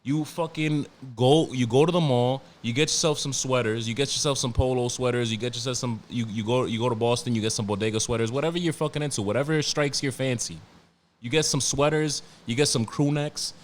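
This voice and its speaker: A man's voice: medium pitch, quick pace. Profane, emphatic New man ranting. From New York. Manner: profane, emphatic, repeats himself and restarts a lot. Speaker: podcast host. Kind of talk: casual solo podcast rant.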